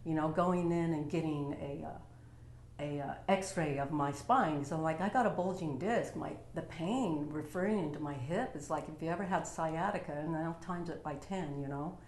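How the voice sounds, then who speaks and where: There's a little hiss or hum behind this Utah vlogger, whose low, darkish voice moves at normal speed. She rambles warmly through a personal story at home, with plenty of fillers, in a room with noticeable echo.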